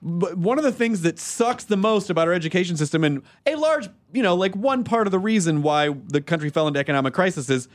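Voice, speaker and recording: A man in casual podcast chat, joking and trading quick-witted banter. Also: high-pitched, animated.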